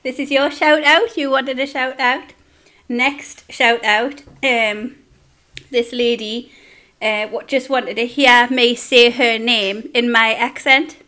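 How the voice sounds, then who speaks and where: A young woman with a Geordie accent chats over a meal, laughing often and talking between bites. Her voice sits a little higher than most. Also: steady tone, slow pace, bright, forceful tone. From Newcastle, England. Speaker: eating-show vlogger. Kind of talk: casual chat while eating.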